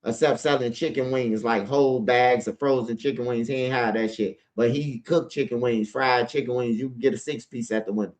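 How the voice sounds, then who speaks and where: Speaking with few pauses, a Chicago man at medium pitch keeps his intonation fairly even and his pace a little fast. As host of his own channel, he delivers a casual storytelling monologue that's profane and rambling, loaded with "bro," and aimed straight at viewers, whom he asks to comment.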